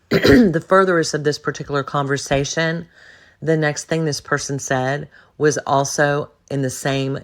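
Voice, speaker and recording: A woman talks alone on her podcast about personal growth, speaking bluntly and with conviction. She stresses key words by repeating them and often turns to address the listener directly. Her delivery stays self-assured and emphatic throughout. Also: sits low. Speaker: podcast host. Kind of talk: solo monologue on personal development.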